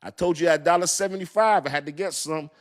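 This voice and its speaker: A man with a fairly high voice talks quickly while hosting a crypto livestream. He chats loosely with viewers, reads their comments, jokes and laughs a lot, and searches aloud for words.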